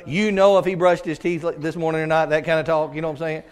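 A middle-aged man preaching a sermon in a church auditorium. His voice sits high for a man, and he swings from loud, ringing exclamations down to hushed, almost whispered asides. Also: little pitch movement, fast, smooth.

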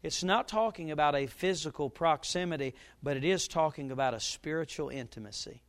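A middle-aged man, a pastor, preaching a sermon and telling a story, his voice now and then jumping up loud. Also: fairly high pitch, brisk. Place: church.

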